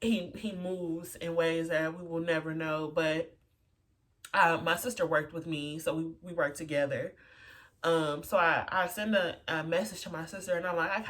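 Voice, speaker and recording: A woman's voice: sits low, fairly even intonation, moderate pace, a bit bright. A woman telling a personal story in a casual way, full of "like" and "you know" fillers. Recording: voice a bit far from the mic.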